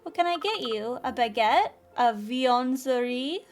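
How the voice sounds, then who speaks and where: A woman's voice: high-pitched, animated, a little slow, slight background noise. A woman voicing a cheerful, eager young witch who runs a bakery, over game music. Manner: bubbly, eager.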